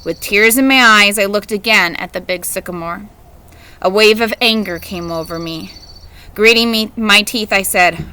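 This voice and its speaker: A woman reads a novel aloud. Her voice is bright and clear. She tells the story expressively. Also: medium pitch, normal speed, low-quality recording. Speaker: audiobook reader.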